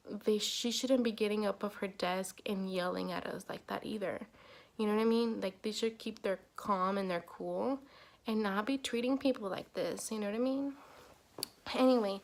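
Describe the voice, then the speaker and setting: Chatty woman with a gravelly edge. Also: mid-range voice. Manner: chatty, exasperated retelling with lots of "like" and "you know what I mean". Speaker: vlogger. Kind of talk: casual storytime vlog.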